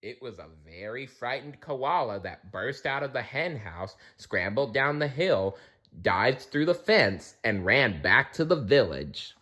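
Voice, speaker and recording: A man reading a children's storybook aloud, expressive, with small slips and restarts. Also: mid-range voice, measured pace.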